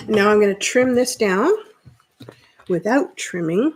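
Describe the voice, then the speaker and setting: Lady chatting on a sewing livestream, unhurried, lots of ums and restarts. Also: medium pitch, lively intonation, a little hiss or hum. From Canada. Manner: chatty, thinks aloud with frequent fillers and restarts. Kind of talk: casual livestream chat while sewing.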